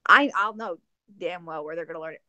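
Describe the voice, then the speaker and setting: A woman co-hosting a podcast in casual chat, joking and rambling through plans in an animated way. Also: on the low side, fast. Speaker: podcast co-host.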